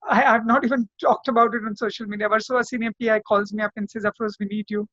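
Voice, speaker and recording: A man tells his story in an interview, impassioned and circling back over the same points. His voice sits high for a man. The sound is dull and lo-fi, dry with no room around it. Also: fairly even intonation, quick pace, pushed and bright, no echo. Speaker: lawyer and activist guest.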